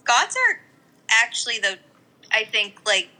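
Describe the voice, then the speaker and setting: A woman with a very bright, sharp, forward voice, chatting casually. She talks in a loose, conversational way, dropping "like" into most sentences. Everyday back-and-forth talk. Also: fairly high pitch, sing-song, measured pace, low-quality recording. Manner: chatty, full of "like" fillers. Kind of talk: casual chat.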